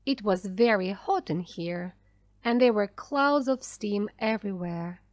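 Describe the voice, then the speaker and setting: Slow, careful woman reading a simple story. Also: medium pitch, lively intonation, no echo, clean studio sound. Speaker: audiobook narrator. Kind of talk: scripted narration of an easy graded reader.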